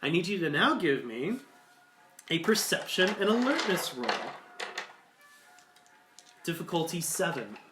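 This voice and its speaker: A man's voice: on the high side, sing-song, unhurried, pauses often, music in the background. A man narrating as game master of a tabletop game, rambling with many fillers. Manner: rambling, full of likes and ums. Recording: echoey room.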